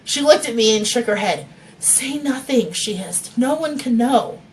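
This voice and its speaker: A woman's voice: fairly high pitch, animated, moderate pace, slight background noise. A woman author reading her novel aloud and chatting with viewers, laughing often and swearing freely, on a phone mic.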